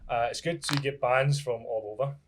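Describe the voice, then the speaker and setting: A man's voice: mid-range voice, brisk, very noisy. Man, Scottish accent, young adult, casual chat guest, rambling, laughing. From Scotland. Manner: laughs often, rambling restarts.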